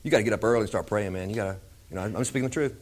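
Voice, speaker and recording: A man's voice: fairly low pitch, rapid-fire. A man preaching an informal Bible teaching in a conversational way, often repeating himself.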